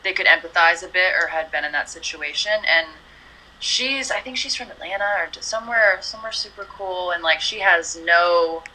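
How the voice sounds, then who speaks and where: Bright-voiced woman singer, chatty. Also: fairly low pitch, normal speed, a little hiss or hum, poor audio. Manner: relaxed, chatty, many "you know" and "like" fillers. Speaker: singer being interviewed. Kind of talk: casual interview chat.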